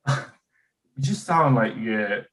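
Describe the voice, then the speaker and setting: A man's voice: lowish voice, lively intonation, takes it slowly, fairly bright tone, poor audio. Hesitant English man, casual chat. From England. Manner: hesitant, self-deprecating.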